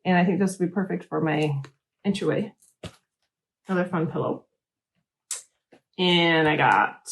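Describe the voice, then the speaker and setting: A middle-aged woman hosting a casual crafting show, chatting in a rambling, animated way. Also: fairly low pitch, a little slow, vocal fry, pauses often. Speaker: host. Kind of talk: casual chat.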